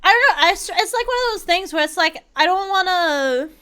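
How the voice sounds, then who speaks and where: A young woman streaming a game, chatting casually in a rambling way, swearing freely and breaking into excited outbursts. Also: extremely high pitch, moderate pace. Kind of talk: casual gameplay chat.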